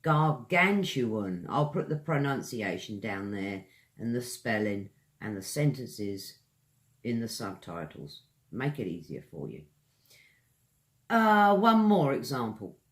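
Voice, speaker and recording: A man's voice: fairly low pitch, big pitch swings. A man with a British accent giving an online English pronunciation lesson, stretching out each word and chatting to viewers between examples. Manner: slow, drawn-out enunciation of words, chatty asides to viewers. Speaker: English teacher.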